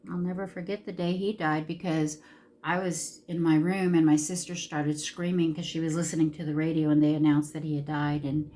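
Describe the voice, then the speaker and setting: A woman's voice: low-pitched, flat delivery, fairly quick, warm tone, slight background noise. A woman in her fifties chatting casually while doing her makeup, rambling through stories and chuckling often. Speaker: beauty vlogger.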